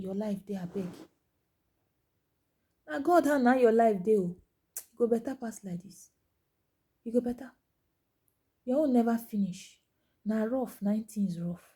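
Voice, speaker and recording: A woman speaking Nigerian Pidgin in a motivational monologue, urging listeners with repeated phrases, rising to loud emphasis and dropping to hushed whispers. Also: medium pitch, husky. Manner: exhorting, repetitive, swings between loud emphasis and hushed whispers.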